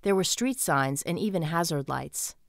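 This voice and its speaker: A woman narrating a romance audiobook in the first person with an even, storytelling delivery. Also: lowish voice, normal speed, vocal fry, no echo, studio quality.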